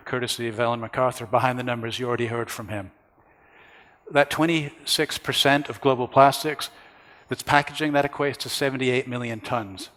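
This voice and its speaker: A man giving a conference presentation, walking an audience through slides one point at a time in a measured way. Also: mid-range voice, a bit bright, in a large hall. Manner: measured, explains slides step by step. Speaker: conference speaker. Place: conference hall.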